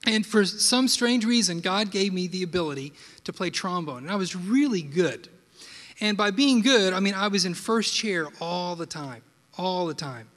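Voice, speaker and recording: Man, preacher, high pitch, animated storytelling, long hall reverb. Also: moderate pace. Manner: animated storyteller, rhetorical asides. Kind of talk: sermon with personal storytelling.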